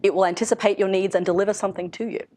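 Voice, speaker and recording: A woman's voice: medium pitch, fairly even intonation, very fast, mellow. A middle-aged woman giving a conversational seminar lecture to a room of listeners, laughing lightly between points. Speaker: seminar speaker, researcher in industry. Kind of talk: lecture to an audience.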